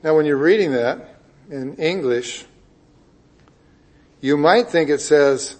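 A man preaching a sermon, reading scripture and explaining it with emphatic swings between loud declarations and hushed asides. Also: a little high, expressive, slow pace, long pauses.

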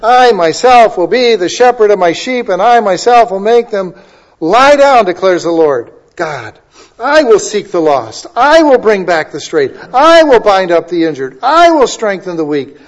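A male pastor preaching a sermon and reading scripture aloud, building to loud, emphatic declaiming. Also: high voice, big pitch swings, measured pace.

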